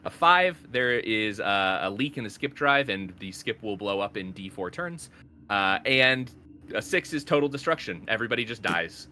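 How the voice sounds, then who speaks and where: A man's voice: on the low side, lively intonation, moderate pace, bright, forceful tone, a little hiss or hum. A man running a tabletop game as game master, explaining rules loosely with frequent fillers.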